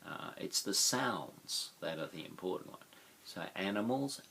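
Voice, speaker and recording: Slow, deep-voiced Australian male teacher. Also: lively intonation, gravelly, sharp tone, slightly rough. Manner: slow, sounds out words syllable by syllable. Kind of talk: teaching explanation.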